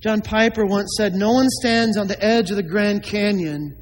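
A man's voice: high voice, fairly even intonation, moderate pace, big-room sound, rough recording. A man preaching a sermon as a pastor, emphatic, with many rhetorical questions to the congregation.

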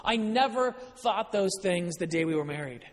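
Man with a high voice giving an earnest personal testimony, long echo of a big hall. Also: moderate pace. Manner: earnest storytelling, moving between excitement and quiet emotion. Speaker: speaker sharing personal testimony. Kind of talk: personal faith testimony to an audience. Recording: long reverb of a large hall.

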